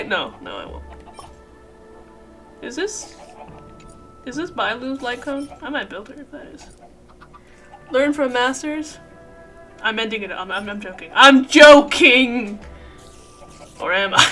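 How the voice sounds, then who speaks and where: A high-pitched woman streams a game live, her voice bright and sharp. She talks dramatically, dropping to mutters and then bursting into shrieks, with faint game music behind her. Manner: dramatic, swings from mumbling to shrieking. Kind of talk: live gaming stream chat.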